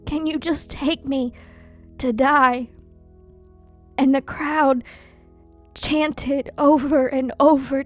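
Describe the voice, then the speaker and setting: High-voiced woman, slow anguished monologue. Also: fairly even intonation, soft background music. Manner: slow, anguished and intense, with many pauses and repetitions. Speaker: dramatic monologue performer. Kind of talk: first-person dramatic monologue.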